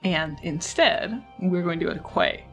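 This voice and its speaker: A woman game master narrates a tabletop scene in a relaxed, chatty way. She pauses often on soft fillers. Faint background music plays. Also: fairly low pitch, vocal fry.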